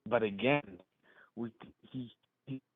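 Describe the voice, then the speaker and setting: A male caller with a low voice defending his views on a phone call, hesitant and often restarting his sentences. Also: slow. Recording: tinny phone line.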